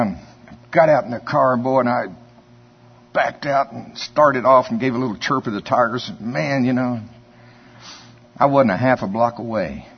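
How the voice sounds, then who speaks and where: A man's voice: mid-range voice, breathy edge. A man preaching a sermon in a folksy, conversational way, telling stories and chuckling often. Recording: dull lo-fi sermon recording.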